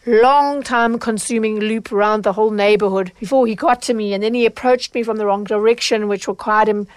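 A woman's voice: medium pitch, a little fast, no room sound. A middle-aged woman hosts her own podcast, talking straight to the listener in a conversational, storytelling way. Her voice is recorded close and dry, with no room sound behind it, and she livens up when she acts out what people said. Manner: animated when retelling, acts out quoted lines. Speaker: podcast host, consumer advocate.

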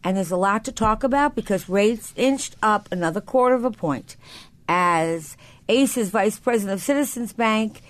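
A woman's voice: medium pitch, expressive, moderate pace, no room sound. A woman hosting a talk radio show from a studio, chatting in an upbeat, rambling way. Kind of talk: casual talk radio chat.

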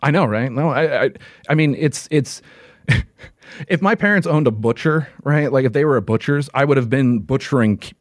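A man with a medium-pitched voice speaks at a moderate pace in a clean studio recording with no room sound. As an interview guest, he chats casually and rambles, laughing often and filling his speech with "like" and restarts.

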